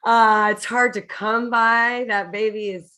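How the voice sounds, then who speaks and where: A woman's voice: on the high side, steady tone, measured pace, bright, forceful tone. A woman hosting a casual interview, talking enthusiastically with plenty of fillers. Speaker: host.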